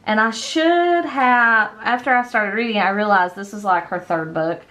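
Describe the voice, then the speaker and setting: A woman's voice: medium pitch, normal speed, sharp tone. Chatty mom rambling over her planner. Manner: chatty, rambling, lots of ums and self-corrections. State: yawning, a bit tired. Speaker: planner vlogger. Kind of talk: casual chat while decorating a planner.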